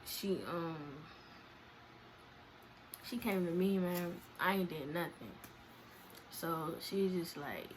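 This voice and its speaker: A woman's voice: lowish voice, unhurried, long pauses, fairly bright tone, a little hiss or hum. A young woman vlogger telling a story in a casual, slangy, profane way. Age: young adult.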